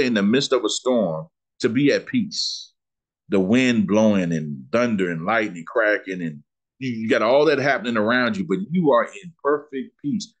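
A man, teaching a Bible lesson in sermon style, asking questions and slowing down to read scripture. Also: mid-range voice, breathy edge. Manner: preacherly, asks questions and answers them, slows down on scripture.

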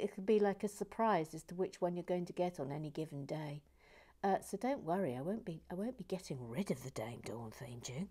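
A woman hosting a building stream, reading viewer comments aloud in a playful way, slipping between soft whispers and bursts of mock indignation. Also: lowish voice. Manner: reads viewer messages aloud with hesitant restarts. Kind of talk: chatty live-stream commentary while building.

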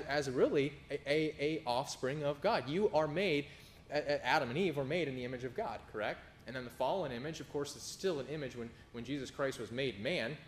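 Male pastor in his thirties, emphatic sermon delivery, faint rumble in the room. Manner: emphatic preaching, rising for scripture, dropping low for anecdotes.

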